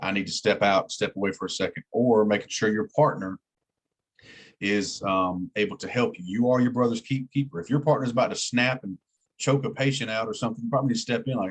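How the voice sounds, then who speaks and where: A man's voice: lowish voice, fairly quick, slightly rough. A man teaching an EMT class in a plain-spoken way, repeating key words for emphasis. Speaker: EMT instructor. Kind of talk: classroom lecture.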